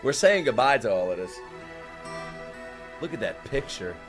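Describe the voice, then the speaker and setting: A man giving casual live reaction commentary while watching an anime, swearing freely and swinging between quiet muttering and loud outbursts. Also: mid-range voice, normal speed. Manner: excitable, profane, swings from muttering to shouting. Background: faint anime soundtrack music.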